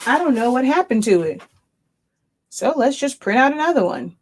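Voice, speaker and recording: This woman has a fairly high voice. She runs her own printing business and talks through a hands-on craft demo in a loose, chatty way, thinking aloud and correcting herself mid-sentence as she goes. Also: big pitch swings, normal speed, a little hiss or hum. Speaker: small business owner demonstrating sublimation printing. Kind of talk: casual live demo while working.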